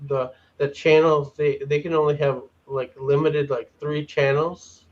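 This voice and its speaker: A man's voice: fairly high pitch, flat delivery, unhurried, dull audio. A man on a panel, giving his opinions in casual chat, talking hesitantly with repeated words and restarts. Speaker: panel guest.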